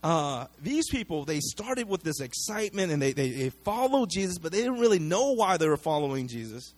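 A man preaching a sermon, telling the story in a casual, animated way, acting out what people said and often repeating words and adding fillers. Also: a little high, a little fast. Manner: conversational, animated storytelling with acted-out quotes. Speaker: pastor.

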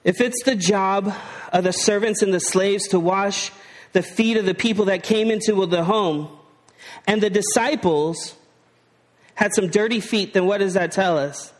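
A man's voice: high voice, a little slow, in a large hall. A man preaching a sermon in a conversational way, asking the listeners rhetorical questions and slipping into slang. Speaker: pastor.

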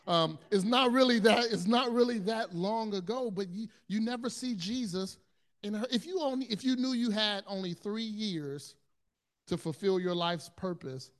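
A man preaching a sermon in an earnest storytelling manner, often repeating words and restarting his sentences, moving between hushed low passages and loud, intense ones. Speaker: pastor.

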